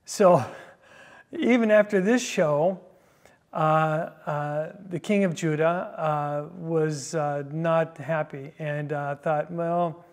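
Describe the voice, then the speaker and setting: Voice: medium pitch, takes it slowly, a little mellow. A Bible teacher reading scripture aloud and then explaining it, with many hesitant fillers between phrases.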